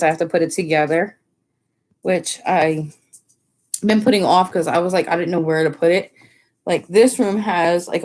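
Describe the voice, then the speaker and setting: A woman chatting casually on a home live stream, rambling with lots of fillers. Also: a little mellow. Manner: slips into high baby talk with her dog. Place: family home.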